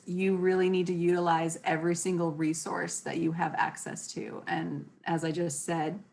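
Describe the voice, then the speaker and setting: A woman leading a class, teaching in a casual, chatty way and acting out sample phrases in different tones of voice. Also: fairly low pitch. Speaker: class leader. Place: class session with participants.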